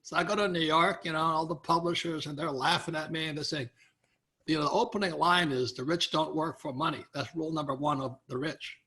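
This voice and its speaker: Older male guest, bright edge, upbeat storyteller acting out voices. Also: fairly high pitch, brisk. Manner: animated anecdotes with quoted voices and laughs. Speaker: guest author. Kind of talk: storytelling interview.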